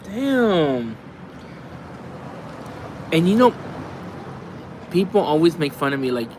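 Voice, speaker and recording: Rambly livestream guy, kinda high voice, swears and laughs a lot, faint street noise behind. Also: very animated, takes it slowly, pauses often, darkish tone. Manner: rambling, chatty, laughs often, swears casually. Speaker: livestream host. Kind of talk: casual chat while reading viewer comments.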